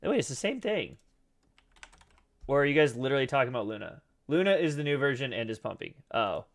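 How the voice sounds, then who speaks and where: A man's voice: medium pitch, sing-song, quick pace. A man casually talking through trading charts on a live stream, rambling and loose with the occasional curse word, his voice scratchy and cracking. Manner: rambling, loose and profane, many fillers. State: throat scratchy, clearing it often.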